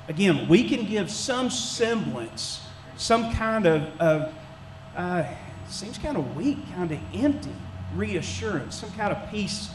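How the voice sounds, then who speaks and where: Middle-aged man, church elder giving a sermon; chatty, high voice, echoey room with faint noise. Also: big pitch swings, unhurried. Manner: conversational, folksy, with many restarts and fillers. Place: church sanctuary.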